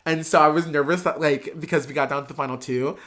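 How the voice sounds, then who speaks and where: A man guest on a chat show, telling a casual story in an excitable, gushing way with many fillers. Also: on the high side, fast. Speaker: podcast guest, drag performer.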